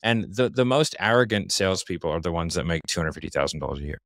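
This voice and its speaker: Male podcast guest, low voice, blunt and confident, dry close sound. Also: steady tone, quick pace, a bit bright, dry recording. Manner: confident, blunt, explains with examples. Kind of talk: casual interview talk.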